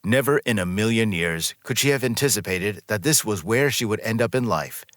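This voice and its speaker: This low-pitched male narrator reads a scripted story at a moderate pace, his intonation lively as it rises and falls. The sound is close-miked and dry with no room echo, and his delivery is even and smooth.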